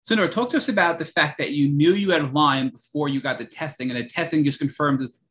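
A man's voice: a little high, quick pace, fairly bright tone. A man hosting an interview, asking long questions that recap what the guest said. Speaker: podcast host.

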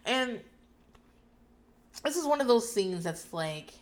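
A woman's voice: a little high, big pitch swings, slow. Sardonic, foul-mouthed woman recapping TV. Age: adult parent. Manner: sardonic, profane, laughs often. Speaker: podcast host. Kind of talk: casual reality TV recap.

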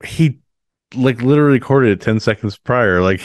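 A man co-hosting a podcast, speaking in a measured way in casual discussion and asking musing questions. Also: mid-range voice, no echo. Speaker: podcast co-host.

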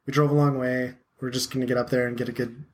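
A man's voice: mid-range voice, little pitch movement, fast talker. Thirtysomething podcast host guy, rambly and self-deprecating, says "like" a lot. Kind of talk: casual podcast chat.

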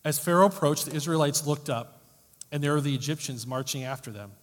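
A wry conversational preacher in a reverberant hall. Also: male voice, fairly high pitch, a little fast. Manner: conversational, wry, wide swings between loud emphasis and quiet asides. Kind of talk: sermon.

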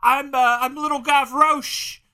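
A man voicing a cheeky Victorian street-urchin boy barker with a put-on Cockney accent, loud and high-pitched. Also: fairly even intonation, measured pace, exaggerated voice. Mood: shouty bluster.

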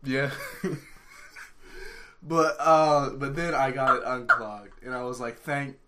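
A young man telling a story in a relaxed chat with friends, unhurried and amused. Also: mid-range voice. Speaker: podcast co-host. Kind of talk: casual chat among friends. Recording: faint background noise.

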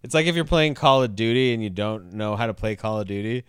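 A man's voice: on the low side, quick pace, smooth, no echo, clean studio sound. A man co-hosting a podcast in laid-back casual chat, laughing often and swearing easily. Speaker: podcast co-host.

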